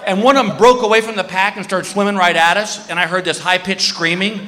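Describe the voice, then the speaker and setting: A man's voice: high voice, quick pace, a little hiss or hum. A man doing stand-up comedy, telling a story and acting out the people in it with big screams. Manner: animated, acting out voices and screams. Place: comedy stage before a live audience. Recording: echoey venue with long reverb.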